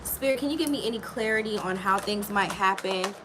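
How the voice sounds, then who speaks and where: A woman's voice: mid-range voice, brisk, noisy background. Frank, salty-tongued woman tarot reader. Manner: frank, profane and chatty, talking straight to a viewer. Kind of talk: casual live tarot reading.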